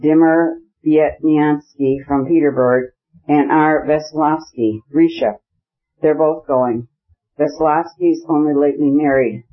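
A male narrator voicing an effusive, jovial middle-aged gentleman in an audiobook. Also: a little high, steady tone, slow, muffled recording. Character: beaming sociable gentleman, middle-aged man.

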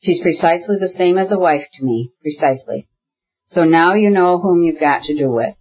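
A man's voice: a little high, brisk, breathy edge, lo-fi sound. A man voicing a gaunt, sickly, irritable older brother in an audiobook, speaking abruptly and angrily. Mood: defiant. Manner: angry, jerky, abrupt. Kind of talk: audiobook character reading.

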